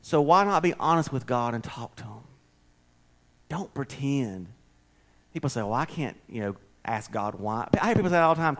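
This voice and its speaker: A man preaching a sermon, folksy and conversational, swinging between loud preaching and soft, near-whispered asides. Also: fairly high pitch, very animated, a little fast. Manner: folksy, conversational, with slips and restarts. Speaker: pastor.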